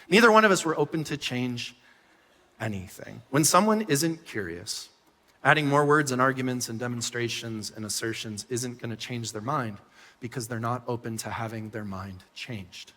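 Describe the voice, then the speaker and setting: Animated man preaching in a reverberant hall. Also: a little high, normal speed. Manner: animated storytelling, swings from loud bursts to soft asides. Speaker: pastor. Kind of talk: sermon. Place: church hall.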